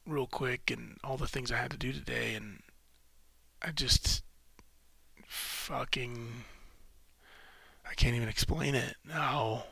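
A man hosting a solo podcast, rambling in halting, profane restarts while emotionally shaken and close to tears. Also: mid-range voice, steady tone, vocal fry, sharp tone, slightly rough. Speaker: podcast host.

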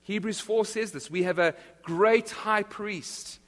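This pastor's voice sits high and fairly bright, and he takes his time as he preaches. He is earnest and emphatic, often restarting phrases, with the long echo of a large hall in the background.

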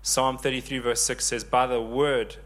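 A man in his thirties preaching a sermon, lively and joking with the congregation. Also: mid-range voice, moderate pace. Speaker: pastor.

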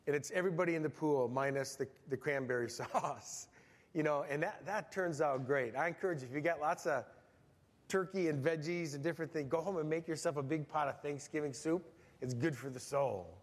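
Folksy high-voiced pastor in a reverberant church. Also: male voice. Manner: folksy, humorous, animated storytelling. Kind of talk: sermon with storytelling. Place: church sanctuary.

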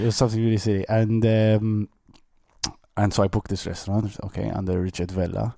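A man from Malta co-hosts a podcast in easygoing chat, looping back over his words as he tells a story. His voice sits low and mellow. The sound is dry and close. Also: level tone, fairly quick, vocal fry, dry recording. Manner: chatty storyteller, repeats words while thinking. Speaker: podcast co-host. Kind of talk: casual chat.

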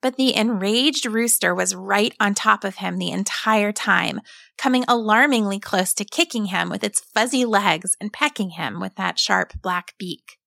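A woman calmly and expressively narrating a children's story as a storyteller. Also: mid-range voice, unhurried, vocal fry, no echo, clean studio sound. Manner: calm, expressive read-aloud.

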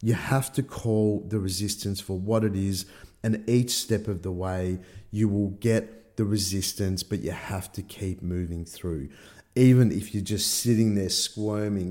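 A man's voice: lowish voice, steady tone, a little slow, a little mellow. A middle-aged man giving a motivational talk, swearing freely and acting out his own inner voices. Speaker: personal development coach. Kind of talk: motivational monologue.

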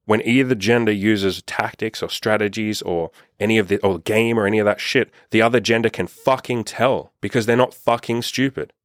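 A man's voice: on the low side, steady tone, normal speed, hardly any pauses, no echo, studio quality. A man coaching on dating, talking bluntly with lots of swearing and rhetorical questions. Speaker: dating and self-improvement coach. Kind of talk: direct-to-camera opinion monologue.

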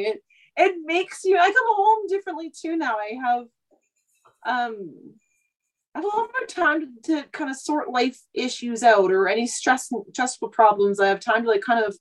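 A woman's voice: fairly high pitch, animated, moderate pace, rough recording. A woman in her thirties from Canada, a truck driver chatting casually on a podcast, rambling with lots of asides. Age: 30s. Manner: talkative, rambling, many "like" and "you know" asides.

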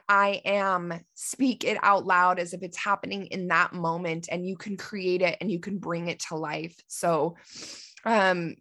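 A woman in her forties, a life coach hosting her own podcast, telling a personal story in an earnest, heartfelt way, with pauses and fillers. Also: on the low side, a bit bright. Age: 40s.

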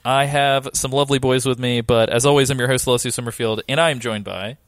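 A man's voice: medium pitch, steady tone, fast, no echo. A man hosting a casual podcast, running through news in a jokey, rambling way with lots of fillers. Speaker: podcast host.

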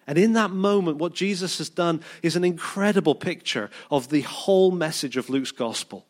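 A man's voice: a little high, normal speed. A British man preaching a sermon, telling the story with energy, acting out the people he quotes and now and then tripping over repeated words.

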